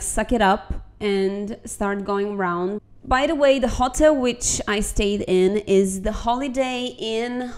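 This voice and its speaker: A woman's voice: medium pitch, darkish tone. A young woman who is not a native English speaker, casually and animatedly telling a travel story as a vlogger, swearing now and then.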